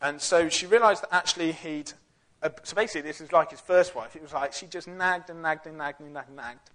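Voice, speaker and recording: A man's voice: on the high side, brisk, fairly bright tone. A young man giving a casual, jokey Bible talk full of fillers and slang. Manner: chatty, jokey, with lots of fillers. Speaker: youth Bible teacher.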